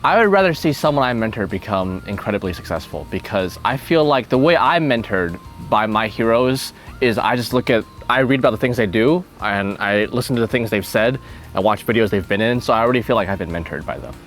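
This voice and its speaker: A man's voice: lowish voice, expressive, brisk, fairly bright tone, faint music behind. A man hosting a casual chat, thinking aloud, often laughing, with restarts as he answers questions. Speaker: channel host answering questions.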